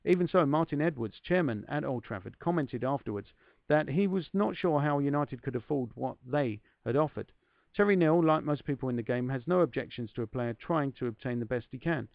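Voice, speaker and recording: Male host reading aloud, breaks off to address listeners, gravelly voice, dry muffled recording. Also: mid-range voice, lively intonation, brisk, no echo. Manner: self-deprecating, addresses listeners directly. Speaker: podcast host. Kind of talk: reading a book aloud with chatty asides.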